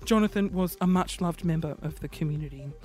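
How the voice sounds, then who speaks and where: A man's voice: on the high side, a little fast, a little mellow, soft background music, natural voice. A man playing a cheery male mock newsreader with chirpy, overly formal delivery.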